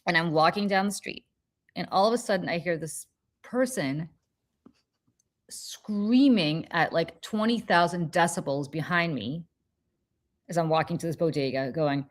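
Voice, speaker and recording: Animated storytelling woman, low voice. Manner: animated, profane, quick restarts. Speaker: podcast host. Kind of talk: casual chat, storytelling.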